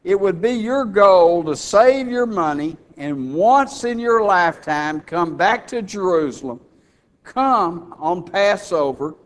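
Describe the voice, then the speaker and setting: Man, texan accent, preacher, sermon, folksy, humorous, smooth resonant voice, slightly high. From Texas. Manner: folksy, humorous, reads scripture aloud.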